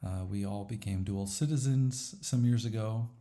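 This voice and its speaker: Deep-voiced male pastor, mellow and thoughtful. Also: normal speed. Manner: thoughtful, with many "uh" fillers and a light laugh. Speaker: pastor and church planter. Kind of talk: conversational podcast interview.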